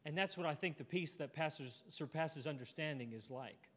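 A man preaching a sermon to a church congregation, earnest and heartfelt, ending in a gentle invitation. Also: a little high, moderate pace. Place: church auditorium. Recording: long hall reverb.

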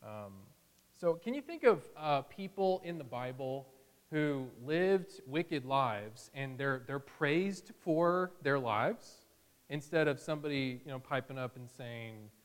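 A man's voice: mid-range voice, animated, takes it slowly, long reverb tail. A man teaching a Bible sermon in a conversational way, acting out the people he quotes with a chuckle now and then. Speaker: preacher.

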